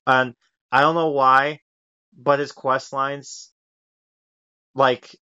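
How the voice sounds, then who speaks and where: A man's voice: medium pitch, level tone, drawn-out words, bright, forceful tone, smooth, dry recording, muffled recording. A man hosting a podcast, chatting casually and enthusiastically, rambling with lots of fillers. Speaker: podcast host.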